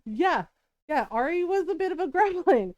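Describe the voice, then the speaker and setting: Very animated and laughing often, this middle-aged mother uses her live stream for casual storytelling about family life, repeatedly checking in with "right?". Her high voice has a darkish tone and moderate pace, sounding close and dry with no echo, though the audio is dull.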